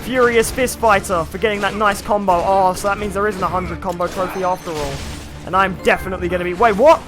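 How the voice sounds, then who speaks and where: A young man streaming a video game, chatting casually and excitably with lots of filler words as he plays. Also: high voice, fast. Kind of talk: live gameplay commentary. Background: faint game music.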